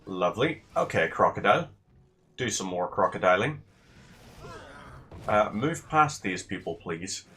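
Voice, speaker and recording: A man's voice: sits low, sing-song, measured pace, pauses often, sharp tone, slight background noise. A man giving casual, sarcastic gameplay commentary with rambling asides.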